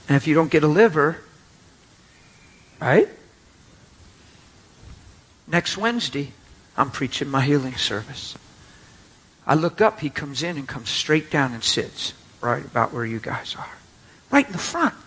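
A male pastor with a husky, slightly raised voice tells a story from the pulpit. His tone is bright and tense, and he slips into the voices of the people he quotes with lively energy. He speaks to a congregation gathered in front of him. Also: a little high. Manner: animated, acts out quoted voices. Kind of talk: storytelling sermon. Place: church before a live congregation.

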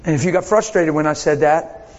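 Male pastor, high-pitched, animated sermon storyteller; long reverb, muffled church recording. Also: brisk, a little hiss or hum.

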